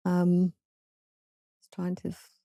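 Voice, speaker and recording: Soft-spoken southern English woman. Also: on the low side, monotone, takes it slowly, vocal fry, no echo, muffled recording. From southern England, London. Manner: hesitant, many fillers and restarts, soft. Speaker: author guest. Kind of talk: casual interview chat.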